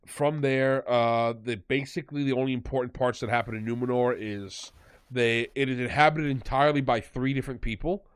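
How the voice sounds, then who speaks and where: A man talks through a show recap in a loose, rambling way, with a sarcastic edge. His voice sits at an ordinary middle pitch. The sound is dry and close, with no room around it. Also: brisk, smooth, no room sound. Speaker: podcast host. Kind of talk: casual review chat.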